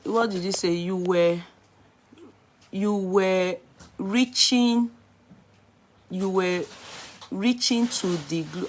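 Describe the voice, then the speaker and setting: A woman's voice: medium pitch, slow, pauses often, fairly bright tone, a little hiss or hum. A middle-aged woman, chatting casually on a live stream, greeting viewers by name and slipping into Yoruba.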